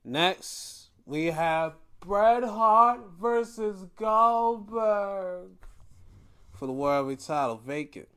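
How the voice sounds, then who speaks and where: A man's voice: high-pitched, lively intonation, slow pace, pushed and bright, clear, resonant tone. A young man hosting a podcast, giving a profane, exasperated rant in casual commentary. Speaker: podcast host.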